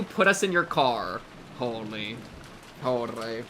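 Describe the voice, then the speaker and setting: An excitable young man in his twenties streams live and chats with his audience in a bright, forceful voice that leaps into sudden yelps. His tone sits a little above the usual male pitch, and a faint hiss of background noise runs under it. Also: normal speed. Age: 20s. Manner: excitable, bursts into loud yelps and shouts; talks to his chat, jokey and animated. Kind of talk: casual live-stream chat.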